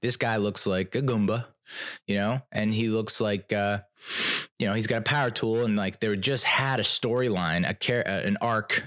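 Male host, lowish voice, rambling animated storyteller, self-mocking, lots of restarts. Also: normal speed. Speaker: podcast host. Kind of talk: casual storytelling monologue.

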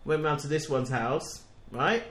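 A man who is a parent, telling stories in an animated way during a casual chat. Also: fairly high pitch, unhurried, roomy sound. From Africa. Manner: animated storytelling with laughter.

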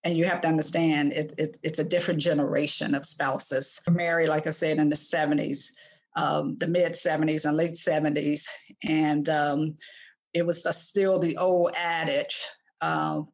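In a podcast interview, a woman in her sixties, a guest author, speaks earnestly and frequently restarts her sentences. Her voice is low-pitched and flat, moving at a normal speed.

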